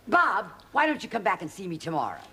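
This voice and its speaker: A flustered American author. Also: female voice, mid-range voice, wildly swooping pitch, a crowd in the background. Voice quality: brash, flustered, fast-stammering. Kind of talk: 1970s studio sitcom acting. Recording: studio audience laughter. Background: audience laughter.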